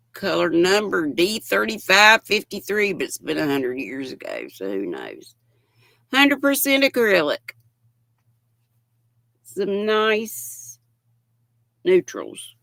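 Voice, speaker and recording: An older woman chats slowly and warmly through a yarn show-and-tell, greeting viewers as she goes. Her voice is bright with a gravelly edge, and the sound is dry and close. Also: lowish voice, big pitch swings, no room sound. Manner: chatty, reads viewer comments aloud with affectionate greetings. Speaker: livestream host. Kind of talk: casual chat while showing yarn.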